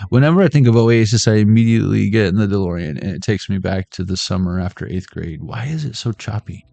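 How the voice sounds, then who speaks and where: A middle-aged man streams a casual, joking card reading for his viewers, tossing in pop-culture references and playful asides. His voice is lowish and dark with vocal fry, and he talks a little fast.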